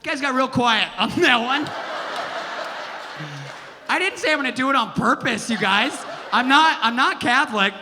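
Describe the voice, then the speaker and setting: A male stand-up comic works a theater crowd, brash and profane, shouting his punchlines. His voice sits high for a man. The live recording carries a long hall reverb and clear audience noise behind him. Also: expressive, moderate pace. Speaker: stand-up comedian. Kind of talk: stand-up comedy set. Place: theater stage.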